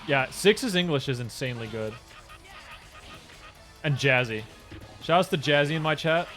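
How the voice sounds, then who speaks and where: A man's voice: fairly high pitch, animated, moderate pace, fairly bright tone, soft background music. A young man chatting casually with his stream chat while speedrunning a game, loose, profane and talkative. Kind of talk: live gaming stream chat.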